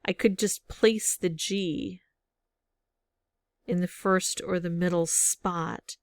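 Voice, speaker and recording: Woman, unhurried solo gameplay commentary, muses through guesses, dry booth sound. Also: on the low side, no echo. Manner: musing aloud, thinking through guesses. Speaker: word game player.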